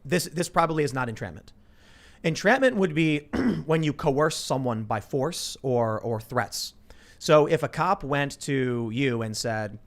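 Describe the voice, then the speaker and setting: A man's voice: medium pitch, unhurried. A man in his thirties hosting a casual political talk show, reading news aloud and riffing with lots of restarts. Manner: animated, reads news aloud then riffs with restarts. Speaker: podcast host.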